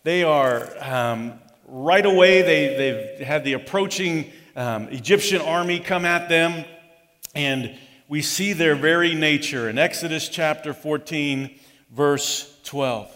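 High-voiced man preaching in a reverberant hall. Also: takes it slowly, a bit bright. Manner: conversational, acts out the complaints of the crowd. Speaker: pastor. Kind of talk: sermon.

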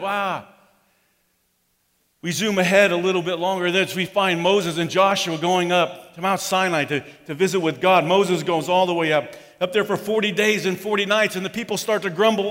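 High-voiced man preaching in a reverberant hall. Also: moderate pace, fairly bright tone. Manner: conversational, acts out the complaints of the crowd. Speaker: pastor. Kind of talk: sermon.

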